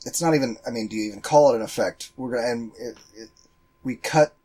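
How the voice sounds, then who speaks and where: A man's voice: mid-range voice, quick pace, husky. Profane rambling man chatting. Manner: profane, rambling, animated storytelling. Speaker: podcast co-host. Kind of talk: casual movie commentary chat.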